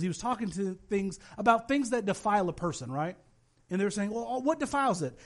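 A male pastor delivering a sermon with a notably high-pitched voice. He tells lively personal stories and slips into the voices of the people he quotes. His delivery is animated and conversational. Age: adult, has children.

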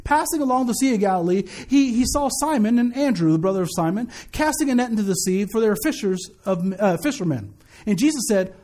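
A man's voice: sits high, lively intonation, quick pace, darkish tone. A man in his thirties preaching a sermon, mixing casual jokes and family stories with emphatic declarations. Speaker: pastor.

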